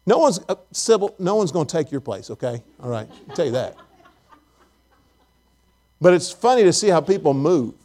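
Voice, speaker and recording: A man's voice: a little high, very animated, moderate pace, pauses often, darkish tone. A man preaching a sermon in a church auditorium, emphatic, repeating phrases and putting questions to the congregation.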